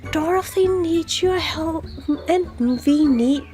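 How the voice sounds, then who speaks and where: A woman voicing a laid-back hippie rescuer in a game, drawling and relaxed with a higher, softer tone. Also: takes it slowly, soft background music. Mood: chill. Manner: drawling, relaxed, says "man".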